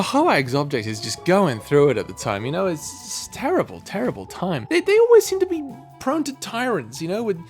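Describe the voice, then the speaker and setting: A young man casually retelling a story's lore, rambling and self-mocking, with frequent swearing. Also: on the high side. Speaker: content creator.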